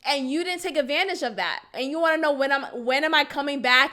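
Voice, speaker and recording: A young adult woman hosting a podcast, telling a personal relationship story candidly and expressively, sighing and then exclaiming loudly. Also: quick pace, few pauses. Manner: expressive, venting, swings from low sighs to loud exclamations. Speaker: podcast host. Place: Houston, Texas.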